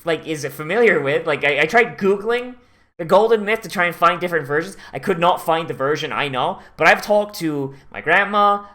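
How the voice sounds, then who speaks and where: Vlogger, mid pitch, swears a lot, rambles and trails off. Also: normal speed. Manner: profane, rambling, animated. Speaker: anime watch-along host. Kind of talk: casual rambling commentary.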